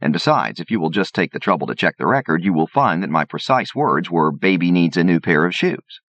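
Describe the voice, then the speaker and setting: A man voicing a brash, quick-tongued male bartender and gambler who talks back, in a cocky, argumentative way, on a dull, lo-fi audiobook recording. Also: sits low, big pitch swings, fairly bright tone, voice pushed up, heavily acted.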